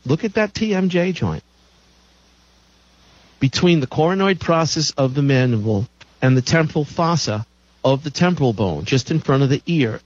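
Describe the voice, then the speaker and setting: An emphatic male health host with a slightly high voice, hammering home each point by saying it twice. The sound is dull and lo-fi. It is dry and close, with no room echo. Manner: emphatic, repeats key claims. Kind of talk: health lecture.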